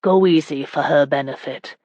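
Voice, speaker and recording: Gruff, husky medieval lord, commanding and teasing, read by a woman narrator, low and dry. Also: moderate pace, darkish tone, no echo, muffled recording.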